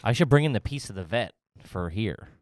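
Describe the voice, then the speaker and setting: A man's voice: lowish voice, expressive, fairly quick, dry recording. A man in his thirties hosting a podcast, rambling through casual chat with lots of fillers and laughs. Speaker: podcast host.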